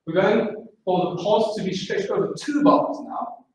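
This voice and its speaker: High-voiced man teaching in an echoey room. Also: animated, moderate pace, distant mic, a little hiss or hum. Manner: explains and counts rhythms aloud. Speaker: drumming instructor. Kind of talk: masterclass lecture.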